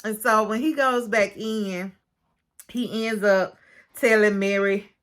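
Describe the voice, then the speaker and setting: A woman casually recapping a show's episode, chatty and expressive, acting out what each person said. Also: medium pitch, takes it slowly. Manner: chatty and expressive, calls listener "baby"; retells scenes with quoted dialogue. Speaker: show recap reviewer.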